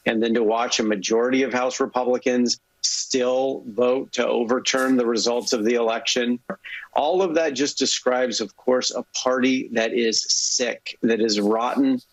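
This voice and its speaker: A man's voice: medium pitch, no room sound, poor audio. Grave indignant man, dry sound.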